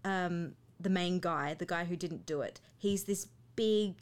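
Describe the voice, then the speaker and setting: A woman's voice: on the low side, a little slow. A woman chatting casually about movies on a podcast, gushing and talking with many fillers.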